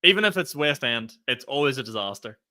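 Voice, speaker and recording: A man co-hosting a podcast in casual chat, upbeat and quick to laugh. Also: mid-range voice, animated, sharp tone. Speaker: podcast co-host.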